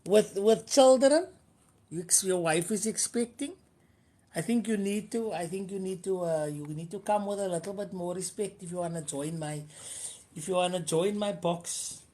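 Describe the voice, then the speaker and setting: A woman's voice: on the low side, normal speed, dark tone. A woman with a Cape Coloured South African accent hosting a casual live stream, repeating phrases for emphasis and switching between English and Afrikaans.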